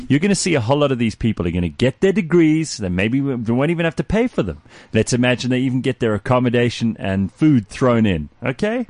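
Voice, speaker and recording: Brief: lower-voiced man, very animated pitch, sweary ranting co-host, dry mic. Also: no room sound. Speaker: podcast co-host. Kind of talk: casual chat.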